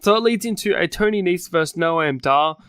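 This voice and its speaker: An Australian man with a fairly high voice, recorded close and dry with no room sound. He co-hosts a casual recap show and talks in a loose, rambling way, fixing his own slips along the way. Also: expressive, a little fast, a bit bright, smooth, dry recording. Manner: rambling, corrects himself mid-sentence. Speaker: podcast co-host. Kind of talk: casual wrestling recap chat.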